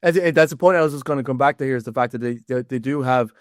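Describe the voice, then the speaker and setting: A man's voice: medium pitch, quick pace, dry recording, studio quality. An Irish man hosting a sports podcast, chatting casually and jumping animatedly between points. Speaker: podcast host.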